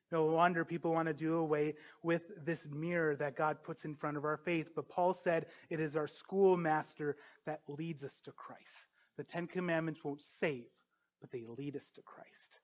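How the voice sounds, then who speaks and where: A man preaching a sermon, earnest and emphatic, building to forceful peaks. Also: on the high side.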